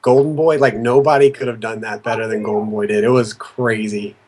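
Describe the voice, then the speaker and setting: A man guesting on a casual gaming stream, eager and quick to agree. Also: lowish voice, fairly even intonation, a little mellow.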